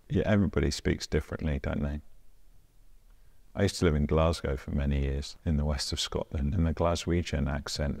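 Very deep-voiced man, dry and deadpan. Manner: dry, deadpan, self-deprecating humor; rambling, thinking aloud with hedges. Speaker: visual artist. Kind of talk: casual gallery talk about his own work.

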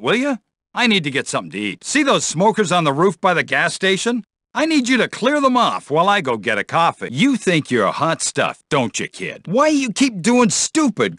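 An actor playing a corrupt, bullying middle-aged police officer in video game voice lines, gruff and menacing, recorded on a studio mic. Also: male voice, fairly high pitch, bright, forceful tone, no room sound, exaggerated voice. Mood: grumbling orders.

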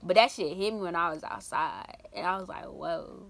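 A young woman vlogger telling a story casually, full of slang, swinging from loud outbursts to hushed asides. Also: lowish voice, brisk, vocal fry, slight background noise.

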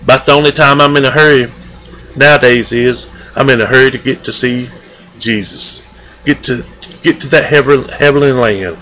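A man giving a daily devotional, earnest and homespun in manner, with loose everyday grammar and drawn-out emphatic phrases. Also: medium pitch, pushed and bright, rough recording. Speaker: lay preacher. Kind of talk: folksy daily devotional sermon.

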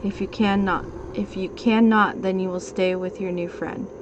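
A woman reading out the lines of an unseen sinister captor in a slow, low, menacing way. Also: steady tone, highs cut off, natural voice. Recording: noisy stream audio.

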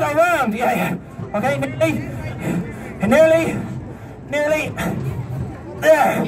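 A man's voice: very high voice, slow, pauses often. A man doing a comic street show, joking and bossing his volunteers around. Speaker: street performer. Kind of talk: street show patter with crowd. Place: outdoor street show in a city. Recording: distant outdoor crowd recording. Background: crowd laughing and street noise.

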